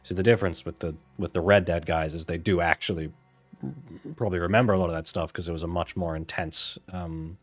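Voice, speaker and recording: A man with a lowish voice talking casually into a desk mic as he plays. He rambles, mutters asides and pokes fun at himself, often trailing off quietly. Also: fairly even intonation, fairly quick, soft background music. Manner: rambling, self-deprecating, mumbly asides. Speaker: gaming channel host. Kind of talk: casual gameplay commentary. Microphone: desk mic with webcam.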